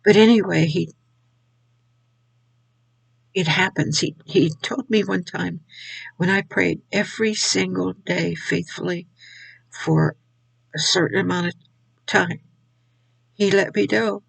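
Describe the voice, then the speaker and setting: Slow, gravelly older woman. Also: lowish voice, fairly even intonation, dry recording, rough recording. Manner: halting, repeats words. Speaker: Christian video speaker. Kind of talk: personal faith testimony.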